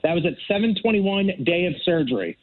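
A man's voice: sits high, lively intonation, brisk. A man on a phone call into a radio show, sore after surgery, telling stories in a casual, self-deprecating way. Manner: storytelling, quoting others, self-deprecating. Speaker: co-host recovering from surgery, on the phone.

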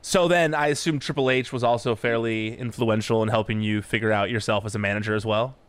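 A man hosting an interview podcast, asking questions casually and enthusiastically, stumbling a little when excited. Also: lowish voice, fast, clear, resonant tone, no echo. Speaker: podcast host.

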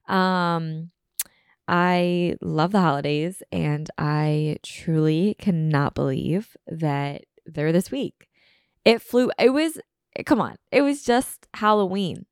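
A woman hosts her own podcast in a loose, chatty ramble full of fillers. Her voice sits low with a gravelly edge and a catch in the throat that she keeps clearing. She is close on a studio microphone with a dry sound. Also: unhurried, dry recording. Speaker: podcast host. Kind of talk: casual solo podcast chat.

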